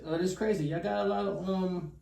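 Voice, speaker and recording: A man's voice: sits high, steady tone, brisk, creaky, warm tone. A man with a New York City accent, a guest chef telling stories animatedly and acting out dialogue in street slang. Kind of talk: casual storytelling. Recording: echoey room, mic at a distance.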